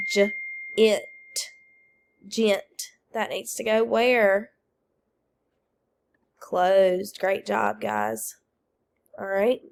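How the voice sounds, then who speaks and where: A woman's voice: medium pitch, gravelly, bright, forceful tone. A woman teacher leading children through a phonics lesson on video, calling out words, drilling answers and praising them, while feeling unwell. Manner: leads call-and-response drills, praises answers.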